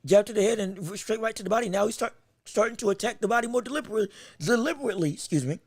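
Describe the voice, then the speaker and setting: High-voiced man calling a fight live. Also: breathy edge, dry recording, studio quality. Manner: excitable, quick reactions, frequent self-corrections. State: hiccups. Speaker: podcast host and fight commentator. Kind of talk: live boxing commentary.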